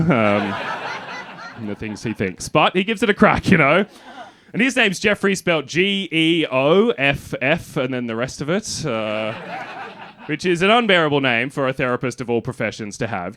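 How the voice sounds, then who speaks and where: A man's voice: medium pitch, a bit bright. A man with an Australian accent doing a self-deprecating stand-up comedy set on a club stage with a handheld mic. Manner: dry, self-deprecating delivery. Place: comedy venue with live audience.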